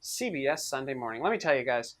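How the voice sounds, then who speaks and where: A man hosting a comedic online news show, delivering sarcastic, mocking commentary in an animated way. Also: medium pitch, quick pace. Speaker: host. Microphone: webcam in a box frame.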